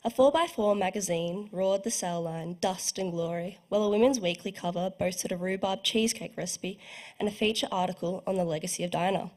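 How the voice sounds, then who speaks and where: A young woman, a student writer, reads her own short story aloud at a book launch in a lowish, slightly mellow voice at a brisk pace. Her literary reading is careful and evocative, with the occasional small slip.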